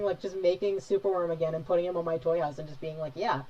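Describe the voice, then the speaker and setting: A woman's voice: fairly low pitch, a little fast, few pauses, darkish tone, lo-fi sound. A young woman chatting casually with her viewers while she draws live, rambling and reacting to the chat. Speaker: streamer drawing live.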